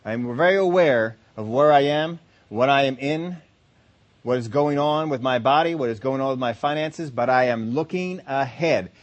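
A man preaching a sermon, emphatic, slowing down to stress key phrases and acting out quoted complaints. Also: medium pitch, highs cut off. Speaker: pastor.

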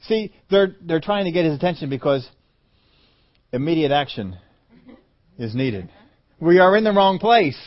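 A man preaching a sermon who acts out voices calling names, swinging from loud calls to soft, low lines. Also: a little fast. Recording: dull lo-fi audio.

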